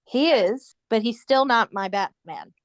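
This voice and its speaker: A woman co-hosting a casual podcast, retelling a cartoon episode with animated storytelling. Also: on the high side, a little slow, no room sound, lo-fi sound. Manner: animated storytelling, quoting characters in put-on voices. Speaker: podcast co-host. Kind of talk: casual chat recapping a cartoon.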